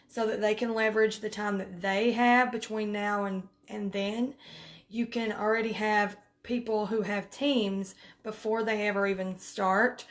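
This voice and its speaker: A woman, coaching her sales team in a casual live video, chatty and emphatic with direct commands. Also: medium pitch.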